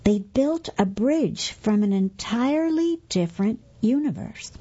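A woman reading a story aloud as narrator, in unhurried scripted narration. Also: on the high side, animated, dark tone, breathy edge. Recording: dull, muffled recording.

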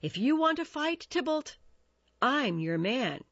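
A woman's voice: medium pitch, sing-song, moderate pace, no room sound, dull audio, pitched above the performer's own voice. Woman voicing a sarcastic, hot-headed young swordsman. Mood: defiant. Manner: irritable, mocking. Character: hot-tempered sarcastic young man, Romeo's friend.

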